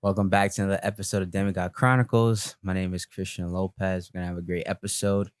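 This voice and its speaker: Fast-talking young man, lowish voice. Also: flat delivery, clean tone, no room sound, clean studio sound. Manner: quick, rambling with restarts. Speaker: podcast co-host. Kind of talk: casual chat.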